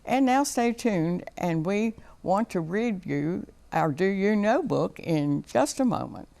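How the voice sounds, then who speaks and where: A woman reading a fairy tale aloud to children on a local TV show, slowly and expressively, in a sing-song way. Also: medium pitch, animated, gravelly, dark tone. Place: TV studio.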